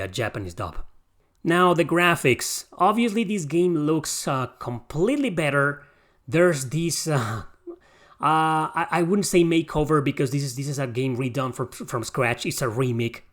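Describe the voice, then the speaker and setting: On his podcast, a young host with a mid-range, somewhat bright voice rambles casually about what he thinks of a game remake, often stopping mid-sentence to correct himself in this informal review talk.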